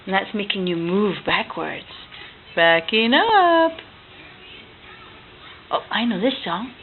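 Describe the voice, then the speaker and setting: A woman at home retelling a picture book with a toddler, gentle and coaxing, often dropping to a hush. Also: mid-range voice, moderate pace. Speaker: parent reading to a toddler. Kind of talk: bedtime story retelling. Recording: tinny lo-fi home recording, faint hiss.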